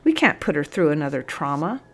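A woman's voice: low voice, very animated, brisk, fairly bright tone, full character voice. A woman doing an eager, earnest corporal. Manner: earnest, pleading. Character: eager earnest young male jail corporal.

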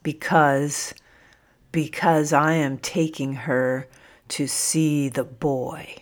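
A woman's voice: low-pitched, a little slow, dark tone. A woman voicing a drunken, grief-struck sergeant. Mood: sorrowful. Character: drunken grieving male prison sergeant.

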